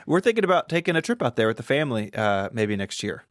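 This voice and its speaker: Male co-host, dry teasing delivery, mid pitch, dead studio sound. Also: big pitch swings, quick pace, no echo. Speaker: podcast co-host. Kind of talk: scripted comedy podcast banter.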